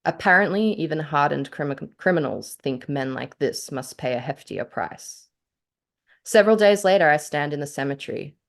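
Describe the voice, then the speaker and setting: Speaking at normal speed in a low voice with vocal fry, an Australian author and podcast co-host reads her own story with emotion amid casual chat. She is animated, frequently laughing, and at times gets choked up.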